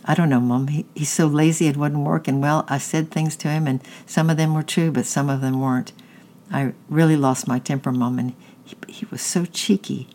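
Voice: mid-range voice, fairly even intonation, normal speed, warm tone, natural voice. A narrator voicing Kate, an earnest schoolgirl who sounds upset and remorseful. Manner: pleading, upset.

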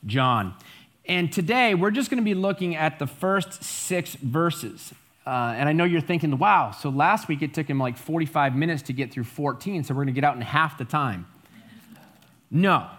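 A man's voice: a little high, fairly bright tone. A male pastor giving a sermon, humorous and self-deprecating, often restarting his words.

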